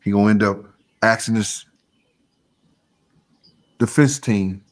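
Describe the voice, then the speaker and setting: A man co-hosting a casual reaction podcast, making his points emphatically and repeating himself. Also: takes it slowly. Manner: emphatic, repeats points, trails into low mumbling. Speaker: podcast co-host.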